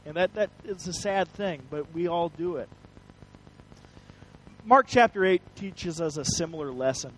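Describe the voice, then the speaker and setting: A man's voice: a little high, unhurried, long pauses, fairly bright tone, poor audio. A man preaching a sermon, telling a story in an earnest way with frequent restarts. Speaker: pastor.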